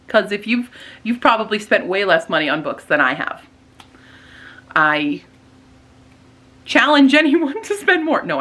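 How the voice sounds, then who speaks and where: A woman's voice: mid-range voice, pushed and bright. A woman vlogging casually about her book buying, self-deprecating and laughing as she rambles. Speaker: booktuber. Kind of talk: casual vlog.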